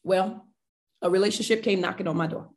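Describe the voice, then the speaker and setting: A woman guest on a podcast, telling a personal faith story in an animated, emotional way and addressing listeners directly. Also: medium pitch, fairly quick. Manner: animated, emotional, acts out quoted voices.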